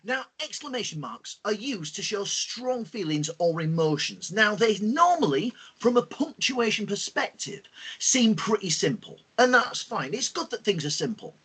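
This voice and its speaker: Upbeat male host teaching kids online, high voice with a husky edge, lots of ums. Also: moderate pace. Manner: lively, expressive teacher talk with fillers. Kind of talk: online lesson for school pupils.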